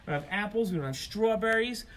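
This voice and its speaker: A man with a high, bright speaking voice tells a children's story, stretching key words and slowing down to explain things simply. He sounds middle-aged, speaking outdoors with faint ambient noise behind him. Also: expressive. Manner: emphatic, slowed-down explaining for children. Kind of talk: telling a story to young kids. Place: outdoors at his home.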